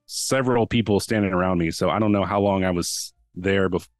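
A man's voice: low voice, fairly quick, no echo, clean studio sound. A man telling a long story as a podcast guest, rambling, with many restarts and acted-out quotes. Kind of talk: casual storytelling.

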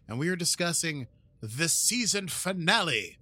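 Bright-voiced playful male podcast host. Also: a little high, big pitch swings, a little slow, breathy edge. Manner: playful, jokey, laughs often. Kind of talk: casual podcast chat and episode recap.

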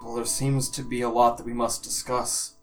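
A man's voice: mid-range voice, flat delivery, normal speed, soft background music, natural voice. A man playing a bewildered old king. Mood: grave. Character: bewildered older king, grave and formal.

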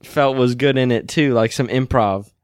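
Young male co-host, easygoing and giggly, smooth voice in a dead-dry room. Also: mid-range voice, normal speed, dry recording. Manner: laughs often, swears casually. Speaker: podcast co-host. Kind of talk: casual chat.

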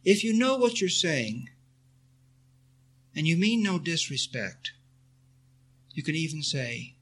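A man's voice: a little high, very animated, takes it slowly, pauses often, a bit bright. A man giving an earnest spiritual talk, answering a question and leading his listeners in repeated affirmations. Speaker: spiritual teacher.

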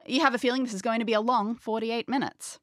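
A woman's voice: a little high, fast talker, dry recording, clean studio sound. Woman narrating as game master. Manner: lively, conversational narration with wry asides. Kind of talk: second-person narration of a tabletop game.

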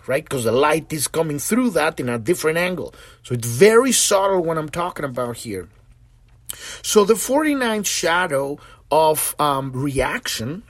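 Husky guy rambling about spiritual stuff, swears a lot, voice jumps all over. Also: on the high side, no room sound. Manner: animated, profane, acts out quoted voices. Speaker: podcast host. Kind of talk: casual spiritual monologue.

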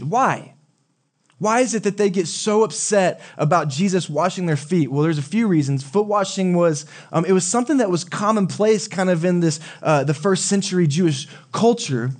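A male pastor preaching a sermon in a relaxed, conversational way, often asking the congregation questions. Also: sits high. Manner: conversational, asks the audience questions.

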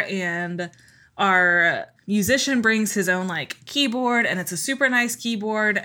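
A woman's voice: medium pitch, sharp tone. A woman pastor who is a podcast guest, telling a story in casual chat with a wry manner and laughing often.

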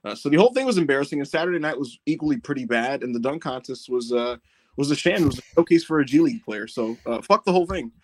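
A man hosting a podcast, telling stories in casual chat, animated, swearing and laughing often. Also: medium pitch, fast talker. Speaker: podcast host.

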